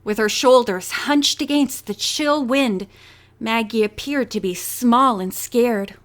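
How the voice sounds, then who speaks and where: Female audiobook reader, unhurried and steady, voice sits on the higher side. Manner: steady, measured storytelling. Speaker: audiobook narrator. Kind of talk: reading a novel aloud.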